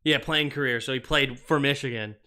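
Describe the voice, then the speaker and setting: A man's voice: medium pitch, fairly even intonation, fairly quick, bright, forceful tone, smooth. A man hosting a live stream, calling football plays in short bursts and chatting about viewer comments. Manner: reads viewer comments aloud and answers them; calls plays in short clipped phrases. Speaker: livestream sports host. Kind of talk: live play-by-play and chat reading.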